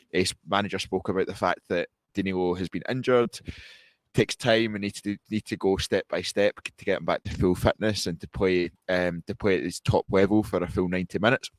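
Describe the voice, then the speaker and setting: A man with a very deep, level voice talks through a football match in a measured, analytical way, often restarting his sentences. His delivery stays flat and even, and the recording is dry and close. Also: dry recording. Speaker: podcast co-host. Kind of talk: post-match football reaction chat.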